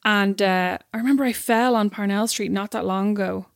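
A woman's voice: medium pitch, a little fast, creaky, no room sound. Irish woman on a podcast, telling stories, teasing, dry close sound. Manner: animated anecdote teller, teasing. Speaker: podcast co-host. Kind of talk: casual chat, storytelling.

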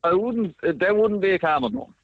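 A man's voice: high voice, fast talker, gravelly, dry recording, phone-quality sound. A man with a southern Avalon Newfoundland accent chatting easily as a radio guest. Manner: easygoing, chatty. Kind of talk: casual interview chat.

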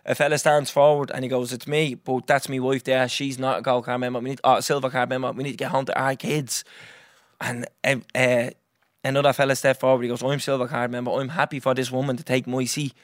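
Fast-talking Irish man telling a story. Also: medium pitch, dry recording, studio quality. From Ireland. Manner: animated, swears freely, acts out others' lines. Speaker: podcast host. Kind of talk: casual storytelling.

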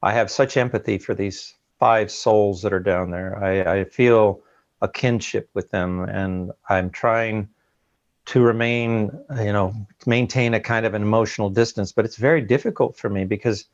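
Gravelly man, halting and earnest. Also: on the low side, steady tone, dry recording, lo-fi sound. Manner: halting, earnest, repeats words. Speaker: guest recounting a submersible ordeal. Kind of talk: emotional interview account.

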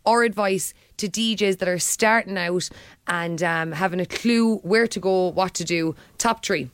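An Irish woman hosting a live radio studio interview, bubbly and quick with her questions, laughing often. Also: lowish voice, clean tone, no echo. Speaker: radio host.

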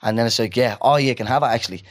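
Man telling an animated story. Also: medium pitch, rapid-fire. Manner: animated storyteller, acts out quoted people. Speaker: podcast co-host. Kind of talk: casual chat.

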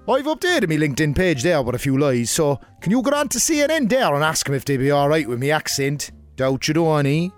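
A man's voice: a little high, big pitch swings, fairly quick, faint music behind. A man playing a gossipy, peeved Cork man writing in for advice, speaking with a Cork accent in a rambling, indignant way. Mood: grumbling. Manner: indignant, rambling local chatter. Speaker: letter writer. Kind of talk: comic monologue.

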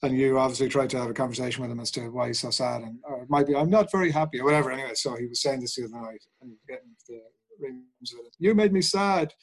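A man's voice: mid-range voice, little pitch movement, racing, crowd noise, rough recording. A man co-hosting a casual podcast chat, telling a story and acting out the quoted lines. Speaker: podcast co-host.

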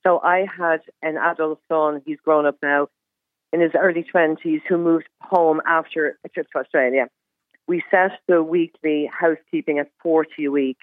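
Brisk woman on a phone line. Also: deep voice, steady tone, no echo. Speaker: caller. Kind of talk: phone-in chat.

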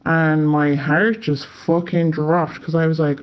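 A man's voice: a little high, little pitch movement, measured pace, clean tone. A young man with an Irish accent casually telling a story. He swears freely and fills his talk with "like". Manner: chatty, swears often, many filler "like"s. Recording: slightly muffled lo-fi audio.

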